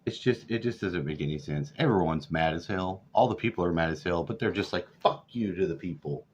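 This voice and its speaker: This vlogger, a man past forty, has a low voice and talks a little fast, with a faint hiss or hum in the recording. The dull lo-fi audio captures his rambling, sarcastic, profanity-laced political rant.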